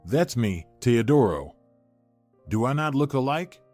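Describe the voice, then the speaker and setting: A man's voice: mid-range voice, sing-song, measured pace, a little mellow. Guy reading a bitter middle-aged rich businessman, heavy and confiding, faint music under it.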